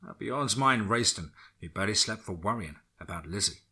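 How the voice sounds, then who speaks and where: A man narrating a dark horror story in a steady storytelling manner. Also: brisk, hardly any pauses, husky. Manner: steady storytelling, drops low for grim lines.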